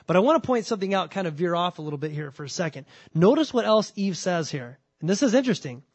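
Preaching a sermon, this male pastor has a high, darkish voice with big pitch swings. He's emphatic, repeats words when starting a thought, and slows down for scripture readings.

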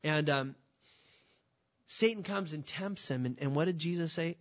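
A man's voice: a little high, unhurried, pauses often. Emphatic male preacher. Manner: energetic, emphatic, rhetorical questions. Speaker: pastor. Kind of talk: sermon.

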